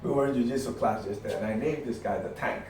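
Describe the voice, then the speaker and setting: A middle-aged man giving an energetic, emphatic motivational talk to his team, telling stories with punchy repetitions. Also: mid-range voice, quick pace. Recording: very echoey room, far from the mic, faint noise.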